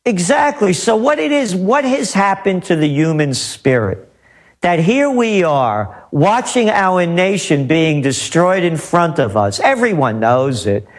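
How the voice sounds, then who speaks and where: A man's voice: high-pitched, very animated, unhurried. Man, radio guest, emphatic repetitive rant, swooping intonation. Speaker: guest trend forecaster. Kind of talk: talk radio interview.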